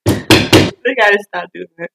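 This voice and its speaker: Animated woman chatting casually. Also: medium pitch, takes it slowly, creaky, heavy background noise. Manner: animated, acts out quotes with swearing and laughs. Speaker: podcast co-host. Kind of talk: casual chat.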